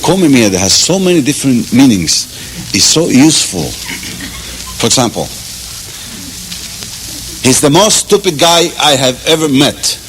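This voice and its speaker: A man from Cuba with a Cuban accent gives a playful, mock Spanish lesson, chuckling and drilling slow repetitions. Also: medium pitch, big pitch swings. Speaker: teacher. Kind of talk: comic mock language lesson. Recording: loud background noise.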